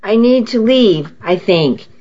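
A woman's voice: mid-range voice, animated, slow, warm tone. A woman voicing a panicked young man who stammers frantically, heard on a dull lo-fi recording.

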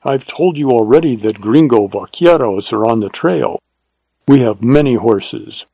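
A man reading aloud and voicing an insistent one-eyed bandit who wants a quick kill. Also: medium pitch, gravelly, mellow, slightly rough, dry recording. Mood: urgent. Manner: protesting, insistent.

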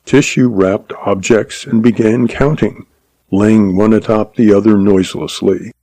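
A man reading a Western story aloud as narrator, in steady, measured storytelling. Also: fairly low pitch, no room sound, poor audio. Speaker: audiobook narrator.

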